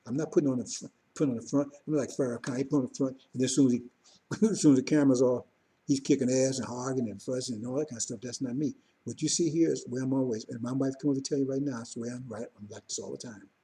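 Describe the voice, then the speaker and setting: A man's voice: mid-range voice, steady tone, quick pace, mellow, husky. A man preaching informally to his congregation, talking conversationally and repeatedly checking in with his listeners. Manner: conversational, repetitive, keeps checking in with "see?" and "you understand?". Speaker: religious teacher.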